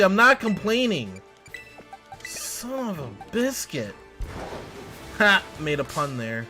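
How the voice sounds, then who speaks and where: A man streaming a game live, excitable and exasperated, talking to his chat and to the game. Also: high-pitched, slow, long pauses, faint music behind.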